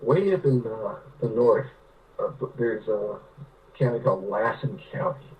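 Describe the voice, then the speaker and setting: A man's voice: fairly low pitch, expressive, measured pace, darkish tone, recorded from a distance, poor audio. A man from California, a writer telling rambling anecdotes with many restarts in a casual interview. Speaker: guest, writer.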